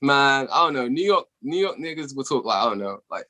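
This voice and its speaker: A young British man, a musician guest on a podcast, talking casually over a remote call, laid-back and quick to swear and laugh. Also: mid-range voice, lively intonation, pushed and bright. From England.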